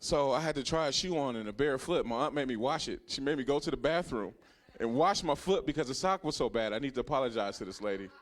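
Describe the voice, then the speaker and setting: Man, stand-up comedian, 30s, mid-pitched voice, profane storytelling, quiet to loud swings. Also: quick pace. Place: comedy club stage.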